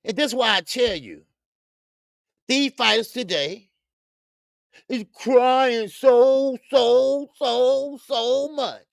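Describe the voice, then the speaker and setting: In a dry, studio-quality recording, a man with an extremely high, creaky voice speaks slowly and pauses often. He hosts a casual boxing livestream, rambling in slang, greeting chat viewers by name, and stumbling into stammered restarts.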